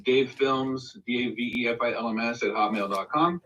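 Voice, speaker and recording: A man's voice: medium pitch, moderate pace, distant mic, highs cut off, a little hiss or hum. A man telling a recording studio anecdote on a live video call, acting out the quotes. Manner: animated anecdote with acted-out quotes. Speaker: guest telling a studio story. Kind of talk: casual storytelling on a live stream.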